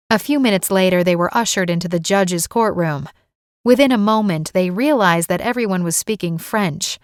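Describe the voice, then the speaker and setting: Low-voiced woman reading a romance. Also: normal speed, clean tone, no echo, studio quality. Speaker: author reading her own novel. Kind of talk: audiobook narration.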